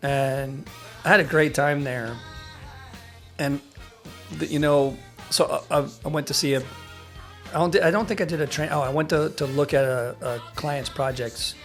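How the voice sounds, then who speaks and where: A man's voice: on the high side, steady tone, moderate pace, fairly bright tone. Rambling Midwestern-born man, faint music. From American Midwest. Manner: rambling, self-correcting storyteller. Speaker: podcast co-host. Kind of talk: casual chat.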